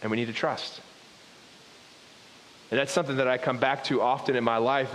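A man's voice: mid-range voice, flat delivery, brisk, pauses often, fairly bright tone. A man preaching a sermon as pastor, earnest and repetitive, breaking off into asides now and then. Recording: long hall reverb with faint hiss.

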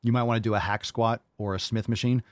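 A man's voice: medium pitch, fairly even intonation, quick pace, no echo. A man hosting a fitness podcast, ranting about diet and answering training questions in a profane, combative, mocking way. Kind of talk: ranting call-in fitness show.

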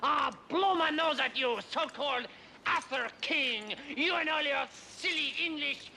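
An actor playing a rude French castle guard who hurls mocking insults in an exaggerated French accent. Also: male voice, very high-pitched, a little slow, gravelly, pushed and bright, heavily acted. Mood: taunting. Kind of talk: film comedy acting. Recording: noisy film clip.

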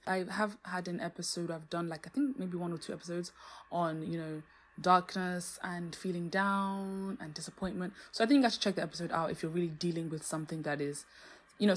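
Young female podcast host, breathy voice, earnest and lively, faith talk. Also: fairly low pitch. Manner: earnest, animated, exclaims and laughs. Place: home, street noise outside.

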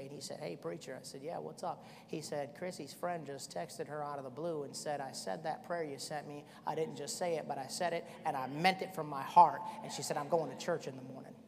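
A middle-aged man preaching a sermon as pastor, swinging from shouting to quiet storytelling. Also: a little high, vocal fry. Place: church hall. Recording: echoey church hall.

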